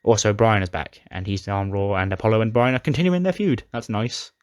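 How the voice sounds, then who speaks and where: Low-voiced man recapping a wrestling sim. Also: a little fast, dry recording, studio quality. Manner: chatty, dramatic retelling of storylines. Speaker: gaming YouTuber.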